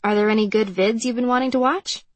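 A woman's voice: on the high side, fairly even intonation, fast talker, no room sound, natural voice. A woman reading a guarded, weary young woman. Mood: tired. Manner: defensive, subdued.

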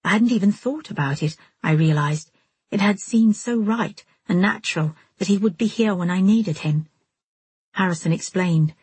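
A woman narrating a first-person novel as an audiobook in a measured storytelling manner. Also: medium pitch, a little mellow, breathy edge, dry recording.

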